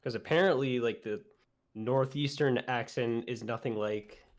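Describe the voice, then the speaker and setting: A man chatting casually as a guest on a livestream, relaxed and hesitant, filling his talk with "like". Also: mid-range voice, measured pace. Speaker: guest co-streamer. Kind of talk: casual chat.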